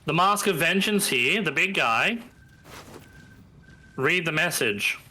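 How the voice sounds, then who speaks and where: A man playing a co-op game with a friend, making short, quick remarks. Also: on the high side, animated, bright, forceful tone. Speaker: co-op player. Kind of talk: casual chat while gaming.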